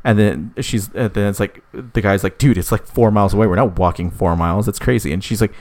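A man casually telling a made-up story, rambling with many fillers, swearing, and voicing the characters' lines in a higher pitch. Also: fairly quick, few pauses, darkish tone.

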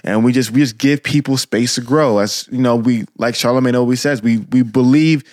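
A man's voice: mid-range voice, steady tone, a little fast, a little mellow, no echo, studio quality. A man co-hosting a podcast, talking earnestly and encouragingly about forgiveness and healing. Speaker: podcast co-host. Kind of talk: casual podcast talk.

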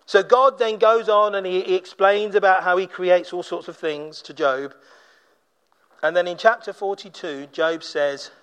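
A man's voice: high voice, steady tone, measured pace, fairly bright tone, smooth. A man preaching a sermon in a conversational way, briefly acting out the people he quotes. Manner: conversational, acts out quoted voices. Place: church.

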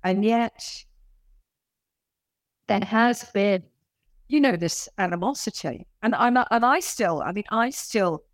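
A woman in her late fifties with a London accent, chatting as an interview guest in an animated, self-mocking way with many restarts. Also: mid-range voice, slow pace, pauses often, no echo, studio quality. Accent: London English. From London, England. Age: late 50s. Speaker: guest author and performer. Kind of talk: casual interview chat.

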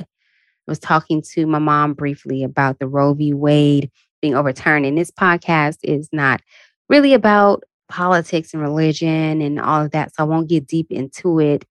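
A woman hosting her own podcast, venting candidly about being tired and worn out. She jumps up into high, animated asides when she quotes herself. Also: no room sound. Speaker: podcast host. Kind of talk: casual solo podcast rant.

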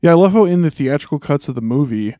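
A man's voice: fairly high pitch, lively intonation, quick pace, mellow, dry recording, clean studio sound. A man co-hosting a casual podcast chat, enthusiastic, laughing often and swearing casually. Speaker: podcast co-host.

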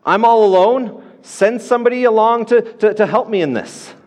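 A man's voice: high voice, normal speed, a little mellow, voice pushed up, lightly acted. A frustrated, overworked woman, as a male preacher puts her on, firing off exasperated, pleading questions in a raised, strained voice. The sound carries a long reverb from a church hall.

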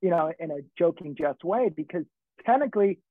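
High-voiced rambling man on a tinny line. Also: expressive, brisk, no echo. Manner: rambling, swearing, restarts a lot. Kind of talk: casual chat. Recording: tinny phone-like dry sound.

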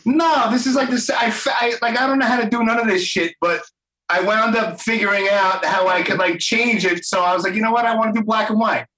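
A man's voice: sits high, fairly even intonation, fairly quick, pushed and bright, roomy sound, low-quality recording. A podcast host from Brooklyn, laid-back and profane, chatting casually with his guest. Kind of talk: casual interview.

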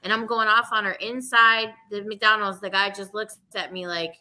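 A woman's voice: on the high side, normal speed, few pauses, pushed and bright, rough recording. A woman speaking frankly and emphatically in a casual chat, swearing and repeating words for emphasis.

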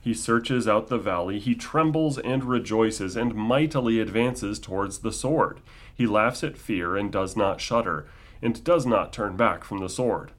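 Male reader, somewhat low voice, measured scripture reading with wry asides. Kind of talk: reading aloud with commentary.

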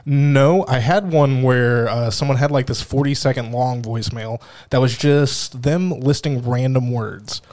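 A man's voice: mid-range voice, measured pace, few pauses, darkish tone. A man telling a funny story in a casual chat, often breaking into laughter.

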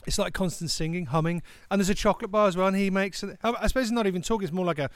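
Co-host, self-mocking rambler on a video call; slightly raised pitch, very clean, dry tone. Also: male voice, very fast, no room sound. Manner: rambling, self-mocking storyteller who laughs often. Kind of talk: casual comedic chat.

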